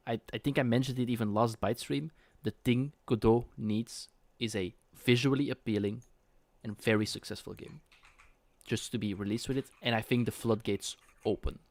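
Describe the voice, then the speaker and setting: A man's voice: mid-range voice, fairly even intonation, normal speed, no room sound. A man co-hosting a casual game development podcast chat, talking loosely with frequent restarts. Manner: chatty, with frequent restarts and laughs. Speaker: co-host.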